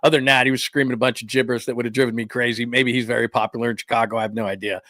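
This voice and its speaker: A man's voice: medium pitch, flat delivery, rapid-fire, fairly bright tone, no room sound, clean studio sound. Rambling sports talk host, man. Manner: rambling, self-interrupting, chatty with viewers. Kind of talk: casual sports talk livestream.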